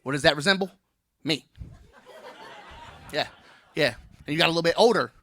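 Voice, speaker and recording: A man's voice: fairly high pitch, normal speed, sharp tone. A man in his thirties doing a brash, playful stand-up comedy set on stage, teasing the crowd.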